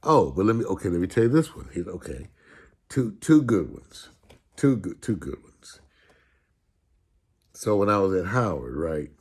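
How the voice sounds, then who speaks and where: A man telling humorous stories about his upbringing in a sarcastic, animated way, with casual swearing. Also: sits low, moderate pace, long pauses, husky. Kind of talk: humorous storytelling talk.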